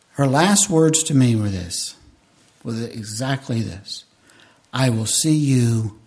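Preaching a sermon in a mid-range voice, a pastor in his fifties tells a personal story with deep feeling. He swings between loud bursts and hushed, intimate moments.

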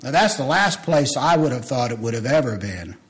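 Speaking at normal speed in a mid-range, animated voice, a man delivers a fervent sermon to his congregation. He swings between loud appeals and quiet storytelling, tossing in folksy remarks to the people in the pews.

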